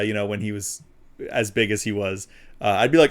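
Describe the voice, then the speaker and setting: A man's voice: lowish voice, normal speed. Easygoing man in casual chat. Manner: easygoing, laughs often. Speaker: podcast co-host.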